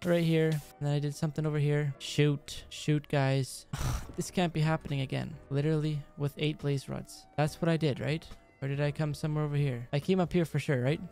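A man hosting a let's play, talking through his game, swinging from frustrated yelling to quiet muttering. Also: on the high side, fairly even intonation, a little fast, creaky, soft background music. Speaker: gaming channel host. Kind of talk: let's play gameplay commentary. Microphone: headset or desk mic.

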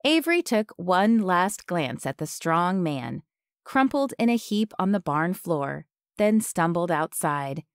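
A woman narrates a scripted audiobook in a measured, even manner, her voice on the low side. The studio sound is clean, with no room sound.

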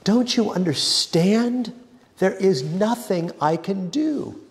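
A man's voice: high voice, expressive, takes it slowly, voice pushed up, full character voice. A man voicing an earnest, flustered young woman missionary who stammers as she pleads, read aloud in a reverberant hall. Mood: distressed. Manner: breathless, stammering pleas. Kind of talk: dramatic reading.

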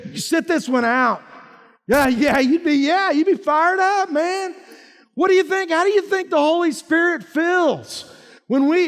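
High-voiced man preaching in a church. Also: a bit bright. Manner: folksy, emphatic preaching with many "man" and "right?" asides. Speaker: pastor. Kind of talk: sermon. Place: church sanctuary. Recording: church hall reverb.

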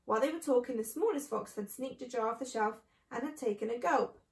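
Brief: woman storyteller reading a children's book aloud, high voice, echoey room. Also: brisk, distant mic. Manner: expressive.

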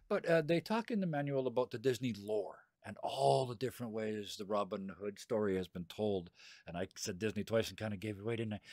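A man's voice: medium pitch, no room sound, clean studio sound. A man running a tabletop game, casually explaining the rules in a rambling way and laughing often. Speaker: game master.

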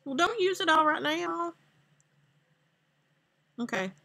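A woman's voice: extremely high pitch, lively intonation, takes it slowly, vocal fry, sharp tone, no echo. A mother playing a game with her child, teasing and laughing, mock-exasperated. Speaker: gamer, mother. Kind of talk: casual gameplay chat.

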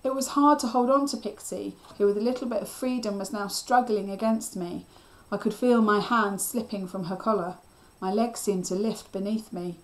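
Woman teacher reading a kids' novel aloud, steady and even, middle voice. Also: medium pitch, normal speed, few pauses. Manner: steady storytelling.

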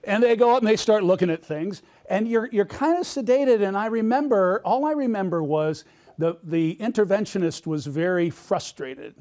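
A man's voice: sits high, expressive, normal speed, dark tone. A middle-aged man giving a conference keynote, telling a personal story and quizzing the audience with questions. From United States. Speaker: keynote speaker.

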